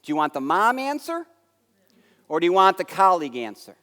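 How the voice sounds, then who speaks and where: An American man giving a conference keynote, telling a story with lively acted-out dialogue that swings between loud and soft. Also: sits high, brisk. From United States. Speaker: keynote speaker. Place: large conference hall. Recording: long hall reverb.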